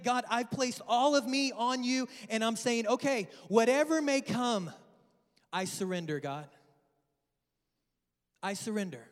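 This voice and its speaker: A male pastor preaching an emotional sermon, pleading and swinging between loud cries and hushed whispers. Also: extremely high pitch, lively intonation, measured pace, long pauses. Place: large church hall. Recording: long church-hall reverb with faint music. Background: soft worship music.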